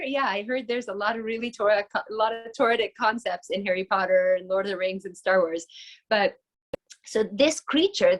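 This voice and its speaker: Enthusiastic female teacher, fairly high voice, chatty, quizzes the class. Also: poor audio. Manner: enthusiastic, chatty, asks the audience questions. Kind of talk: casual online lesson.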